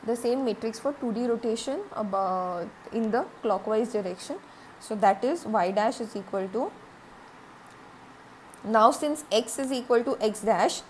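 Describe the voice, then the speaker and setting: A woman's voice: fairly high pitch, a little hiss or hum. A woman giving a recorded classroom lecture, explaining step by step, repeating points, with frequent "okay" and "uh".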